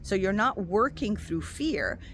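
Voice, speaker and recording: A woman speaking as a spiritual coach and intuitive healer, giving a casual motivational talk to her viewers. She is expressive and affectionate, and calls the listener "my love.". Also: mid-range voice, a little slow, a little hiss or hum. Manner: animated and expressive, acts out quoted voices.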